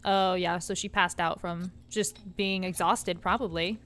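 A woman's voice: fairly low pitch, fairly even intonation, unhurried, fairly bright tone, a little hiss or hum. A young woman casually commenting while playing a game, chatty and reading along. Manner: casual, chatty, reads game text aloud. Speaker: gaming channel host. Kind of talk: let's play commentary.

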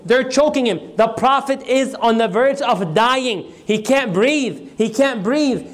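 Guy giving a religious talk, kinda high voice, keeps asking the crowd yes or no, tells the story big and dramatic. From United States. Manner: call-and-response questions to the audience, dramatic retelling. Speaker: religious teacher. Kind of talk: sermon-style storytelling lecture.

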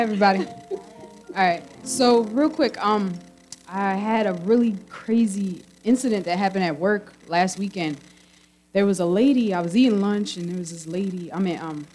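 A young woman telling a church congregation a personal story in a chatty, animated way, with many fillers. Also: medium pitch, rough recording. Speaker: congregation member giving a testimony. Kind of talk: casual testimony.

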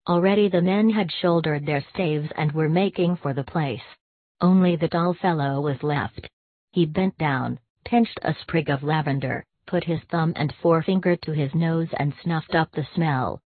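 A woman giving a measured, expressive audiobook reading of a classic short story. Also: low-pitched, dry recording. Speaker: audiobook narrator. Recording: tinny, dry, phone-like sound.

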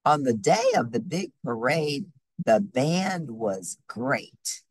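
Woman narrator for children's book, very animated, husky and gravelly, dry close sound. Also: extremely low pitch, takes it slowly, no echo, rough recording. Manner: lively, expressive, animated reading. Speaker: storybook reader. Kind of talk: children's storybook read-aloud.

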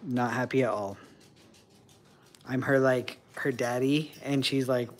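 Man host, doting soft-spoken pet talk, low hiss behind. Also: fairly even intonation, unhurried. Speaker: livestream host with pet birds. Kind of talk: casual chat with pets and viewers.

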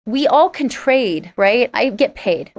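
A woman's voice: on the high side, expressive, takes it slowly. A singer-songwriter woman, a guest in an interview, telling stories animatedly and laughing often. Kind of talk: storytelling interview talk.

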